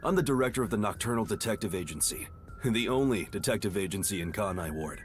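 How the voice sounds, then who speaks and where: An actor playing an easygoing, middle-aged male detective agency director in dubbed video game dialogue, relaxed and courteous. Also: on the low side, quick pace, faint music behind, lightly acted. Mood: friendly.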